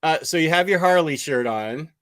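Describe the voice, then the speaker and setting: A man hosting a casual chat with a guest, laid-back and chuckling, with many fillers and pauses. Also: on the high side, lively intonation, a bit bright. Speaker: host.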